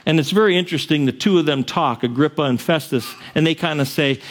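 A man's voice: a little high, brisk, few pauses. A male pastor preaching a sermon, retelling a story in a casual, conversational way with frequent asides.

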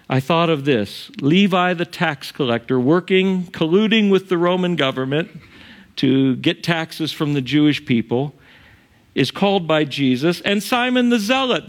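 A middle-aged man preaching a sermon with a gravelly, fairly high voice. He talks to the congregation conversationally, chuckling often and slipping into the quotes he tells. The delivery is warm but plain, a pastor speaking directly to his listeners.

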